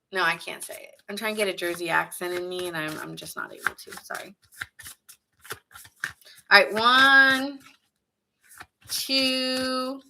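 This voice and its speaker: A woman's voice: fairly low pitch, bright, forceful tone, slight background noise. A woman giving a casual live tarot reading, chatting and reacting to viewers' comments and laughing often. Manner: laughs often, muses aloud. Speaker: tarot reader.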